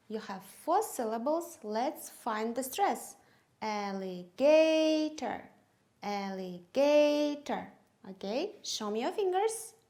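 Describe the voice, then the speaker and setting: A woman, a native Kyrgyz speaker, leading a teaching demonstration in English, drilling words slowly and clearly. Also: on the high side, darkish tone.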